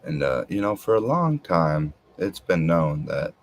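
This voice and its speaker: A man's voice: very deep voice, sing-song, unhurried. A man talking in a casual, rambling monologue, hesitant and full of filler words. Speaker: podcast host.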